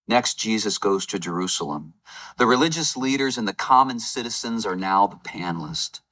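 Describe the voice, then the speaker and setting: Lower-voiced man telling a sermon story. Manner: lively storytelling with game-show asides. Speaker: lay preacher. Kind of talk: Palm Sunday sermon.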